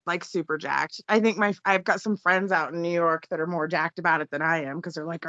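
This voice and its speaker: Bright-voiced young woman on lo-fi audio. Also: on the low side, steady tone, normal speed, dry recording. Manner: upbeat and chatty, laughing often. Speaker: podcast guest, fighter and law student. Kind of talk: casual interview chat. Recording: dull, dry lo-fi audio.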